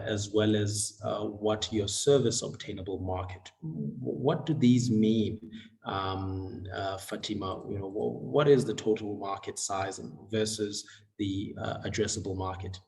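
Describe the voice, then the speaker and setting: Male webinar moderator, low voice, halting delivery full of fillers. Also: steady tone, creaky, a little mellow. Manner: halting, many fillers and restarts. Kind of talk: hesitant online webinar chat.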